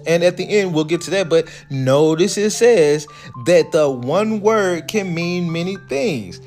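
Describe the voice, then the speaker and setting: A man hosting a casual commentary, reading passages slowly and then riffing on them in a relaxed, conversational way. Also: on the high side, faint music behind. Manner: conversational, reads quotes slowly then riffs. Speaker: host.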